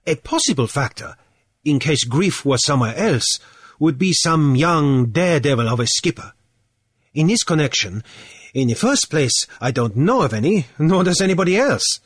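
A man reading the part of a calm man at a card table, reasoning out loud in a measured, deliberate way. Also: on the high side, slightly rough, dry recording, clean studio sound.

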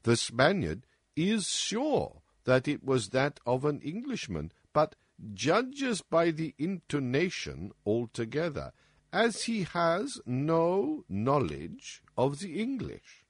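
A man voicing a calm, analytical male detective who lays out his reasoning in a measured, lecturing way, as in an audiobook. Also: on the high side, slightly rough, no room sound, clean studio sound, voice pushed up, full character voice. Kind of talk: audiobook character reading.

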